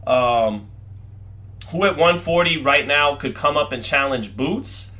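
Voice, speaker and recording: A young man hosting a boxing show, reacting to clips for his livestream chat in an excitable, profane, casual way. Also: medium pitch, slow.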